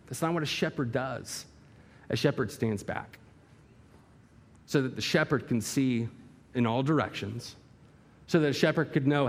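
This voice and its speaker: A man's voice: medium pitch, unhurried, long pauses. A male pastor preaching a sermon in a church hall, emphatic and full of rhetorical questions and vivid illustration.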